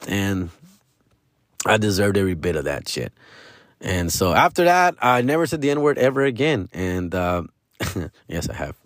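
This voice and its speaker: A man's voice: low-pitched, big pitch swings, unhurried, long pauses, no room sound, studio quality. A male comedian telling a story casually, profane and slangy, dropping into Spanish phrases.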